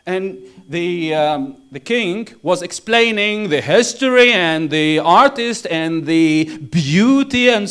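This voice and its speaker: A man lecturing interpreting students, deliberate and chuckling at his own stories. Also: high voice, a bit bright, clean tone. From Tunisia. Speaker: university lecturer.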